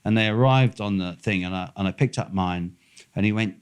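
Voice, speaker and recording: A man's voice: lowish voice, brisk, clean tone. A man telling a long, rambling, profane anecdote with many fillers and restarts.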